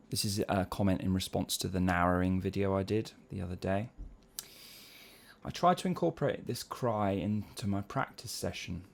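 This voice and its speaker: A man's voice: sits low, gravelly, darkish tone. A man teaching singing, explaining vocal technique patiently and breaking into short sung syllable exercises. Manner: explains patiently, often checks in with "yeah?". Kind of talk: spoken vocal lesson with sung demonstrations.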